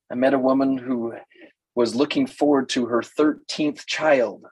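A man's voice: mid-range voice, measured pace, darkish tone, breathy edge, dry recording, poor audio. An older man coaching women in a playful talk, often mimicking other people's voices. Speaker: relationship coach.

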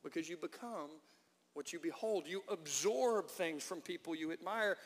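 Pastor, man, high voice; emphatic sermon delivery in a reverberant church. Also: normal speed. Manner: prayerful and hushed in prayer, then animated and emphatic when preaching. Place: church sanctuary.

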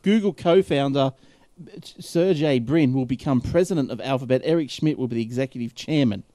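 A man's voice: mid-range voice, fairly quick, warm tone, no echo, clean studio sound. A man hosting a casual talk show, reading news items aloud and chatting with his co-hosts, laughing often. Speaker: host.

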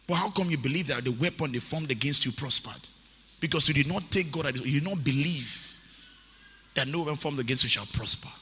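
A man's voice: on the high side, sharp tone, slightly rough. A man preaching a sermon as pastor, repeating key phrases for emphasis and reading scripture aloud. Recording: long hall reverb.

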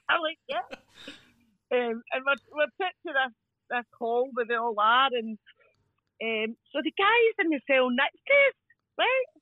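A woman's voice: high-pitched, very animated, a little slow, long pauses, no echo, phone-quality sound. A Scottish woman, a crime scene cleaner, telling funny work stories in casual chat, laughing often and swearing.

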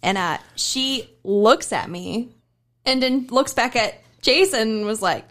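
A woman's voice: a little high, slow pace, fairly bright tone. A young woman, a former elite gymnast and guest on a podcast, chatting casually and laughing often. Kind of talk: casual chat.

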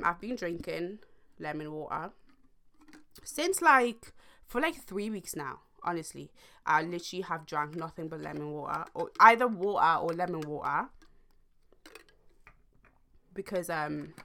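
A woman's voice: on the low side, a little slow, pauses often. Slangy young woman telling a story. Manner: animated, slangy, rambling with many fillers. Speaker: vlogger. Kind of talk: casual storytime monologue.

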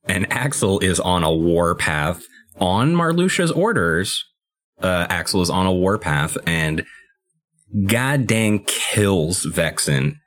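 Deep-voiced young man chatting about games. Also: takes it slowly. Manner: relaxed, explains strategy in long run-on sentences. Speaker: podcast co-host. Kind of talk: casual chat about a video game.

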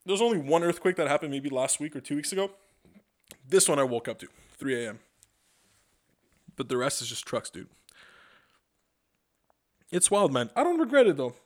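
A man's voice: a little high, moderate pace, long pauses. A man hosting a podcast, telling rambling, profane stories with lots of stammered restarts. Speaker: podcast host. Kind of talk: casual comedic monologue.

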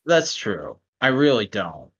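A man hosting a casual podcast, talking loosely with plenty of swearing. His pitch swings widely and stays animated. The recording has a dull, lo-fi sound. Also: takes it slowly, breathy edge. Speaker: podcast host.

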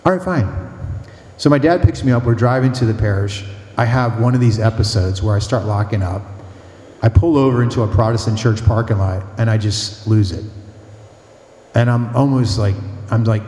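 A man preaches a mission talk as a priest, telling anecdotes with rhythmic repetition and a lively delivery. His voice is mellow and warm. It rings through a church hall with a long reverb. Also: medium pitch, moderate pace.

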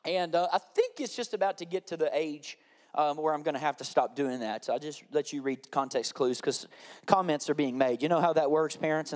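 A man in his thirties preaching a sermon, telling animated family stories and acting out his children's lines. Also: high-pitched. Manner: animated storytelling, acting out his kids' voices. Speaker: pastor.

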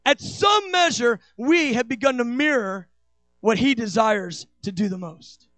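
A man preaching a sermon with passion, acting out quoted dialogue with big swings between soft and loud. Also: lively intonation, unhurried, dry recording, soft background music. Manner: impassioned, acts out quoted dialogue with big swings in pitch and loudness.

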